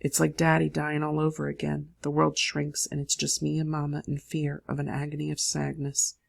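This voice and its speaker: Narrator, raspy texture, slightly high voice, measured first-person audiobook read. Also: male voice, monotone.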